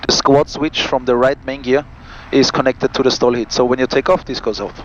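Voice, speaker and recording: A male pilot and vlog host reads cockpit checklists crisply from a small aircraft, tossing in friendly comments for viewers. He speaks fairly quickly in a medium-pitched, steady voice, and the lo-fi recording carries a little hiss or hum.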